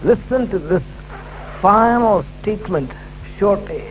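High-voiced, emphatic male preacher. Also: lively intonation, measured pace, slight background noise, poor audio. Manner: emphatic and repetitive, restating key lines. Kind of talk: sermon. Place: church service.

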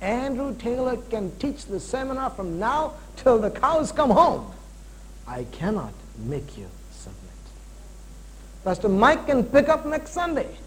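A man in his forties preaching a sermon with a high, lively voice that climbs and drops all over. He swings from loud, punchy emphasis to hushed, drawn-out points. A faint hum sits underneath. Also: poor audio. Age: 40s. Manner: animated preaching with rising and falling emphasis.

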